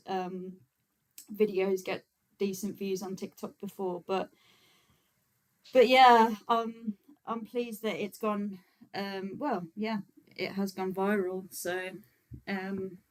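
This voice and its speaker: A vegan activist livestream host talks with her viewers in an easy, chatty manner, often stopping for fillers and small laughs. Her voice is medium-pitched, and the audio is poor.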